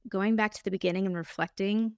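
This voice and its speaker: A woman's voice: medium pitch, steady tone, quick pace, darkish tone, clear, resonant tone, no room sound, studio quality. Candid woman hosting a solo podcast. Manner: earnest, candid, openly emotional storytelling. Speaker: podcast host.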